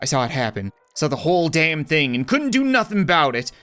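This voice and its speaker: A bitter, worn-out young ranch woman, voiced by a man reading game dialogue, speaks low and slow, stumbling over her words. Her pitch rises and falls a good deal despite the heavy mood. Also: sing-song, fairly bright tone, soft background music. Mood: bitter, grieving. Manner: low, slow, halting with stammers.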